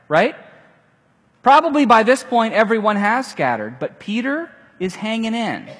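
A man preaching a sermon, animated, acting out the quoted lines with casual asides. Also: fairly high pitch, slightly rough. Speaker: pastor. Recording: long hall reverb.

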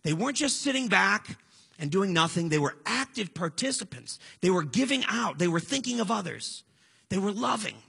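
A man's voice: high voice, big pitch swings, moderate pace, vocal fry, bright, forceful tone, breathy edge. A man in his forties preaching a sermon in a conversational, storytelling way, earnest and direct. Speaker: pastor.

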